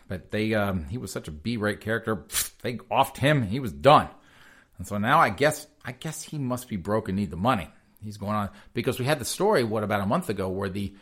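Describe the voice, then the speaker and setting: A man with a fairly low, fairly bright voice hosts a sarcastic news commentary show. He rambles and chuckles while calling his audience "folks."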